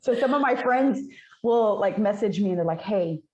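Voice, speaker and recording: A woman with a Texan accent chats as a guest, spinning her stories with frequent laughter. Her voice sits at a middle pitch. The sound is a little dull and lo-fi. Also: brisk. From Texas, United States. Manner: laughs often, animated storytelling. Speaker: guest, video creator. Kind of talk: casual conversation.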